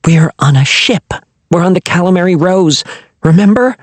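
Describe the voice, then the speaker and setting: A man doing a squeaky, nervous orphan girl. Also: normal speed, no room sound. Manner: hesitant, squeaky. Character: nervous young orphan girl, hesitant and polite.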